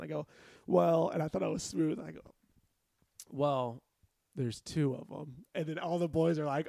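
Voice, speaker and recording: A young man telling a story in casual chat, animated and laughing often as he acts out quotes. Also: on the high side, normal speed, gravelly, no room sound, clean studio sound. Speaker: podcast co-host.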